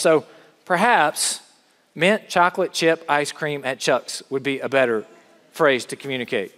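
A middle-aged man preaches in a church, his fairly high voice carrying with a long hall reverb. He explains scripture earnestly and slips in small touches of dry humor. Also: fairly bright tone. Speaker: pastor. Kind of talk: sermon.

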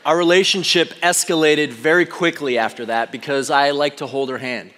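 A man's voice: a little high, fairly even intonation, moderate pace, a bit bright, in a large hall, some chatter behind. A man sharing a personal testimony with an audience. He speaks earnestly and confessionally, sometimes hesitant.

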